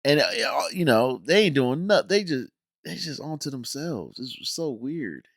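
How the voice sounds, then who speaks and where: A man reviewing a show in an animated, exasperated rant, blunt and full of slang. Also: mid-range voice, measured pace, no echo, clean studio sound. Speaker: video reviewer.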